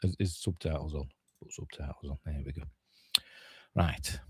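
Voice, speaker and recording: A man's voice: rumbling low, fairly even intonation, moderate pace, warm tone, husky, no room sound. An older man with a Yorkshire accent, chatting casually as a podcast host reacting to a film trailer, grumbling and mocking himself.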